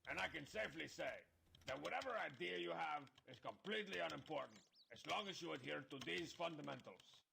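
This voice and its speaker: A boastful, sarcastic masked cartoon wrestler talks down to his readers with a very gravelly, fry-heavy rasp. His voice sits a little high and swings up and down animatedly. Clear background noise runs underneath the played clip. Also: lively intonation, fairly quick. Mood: smug. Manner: boastful, sarcastic advice-giving.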